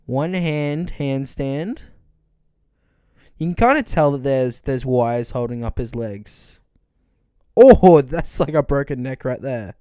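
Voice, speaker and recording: Animated podcast host reacting. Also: mid-range voice, slow pace, clear, resonant tone, no echo, clean studio sound. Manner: incredulous, joking reactions with frequent laughs. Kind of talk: casual watch-along commentary.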